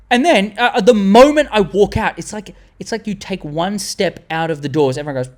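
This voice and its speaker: A young Australian man in his twenties, hosting a fan tier-list vlog and rambling excitedly with the odd swear word. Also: high-pitched, fast, few pauses. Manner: animated, rambling, swearing, loses words mid-sentence. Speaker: channel host.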